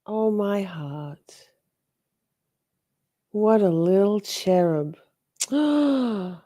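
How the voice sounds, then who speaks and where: A woman chatting casually as she reacts to a trial, giggly and playful, swinging from soft whispers to high squeals. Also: expressive, extremely slow, dry recording, clean studio sound.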